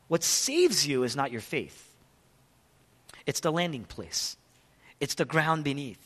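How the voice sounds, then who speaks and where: A male pastor preaching a sermon, emphatic, asking questions and answering them, and swinging from loud passages to hushed ones. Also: medium pitch, breathy edge. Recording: long reverb of a large hall.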